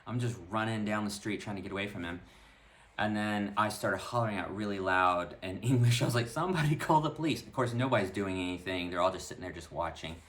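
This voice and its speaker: A man with a low voice speaks in a casual vlog. He recounts a personal story to his viewers in an animated, conversational way and often restarts his sentences along the way. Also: brisk. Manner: animated retelling, full of "like" and restarts. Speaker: vlogger.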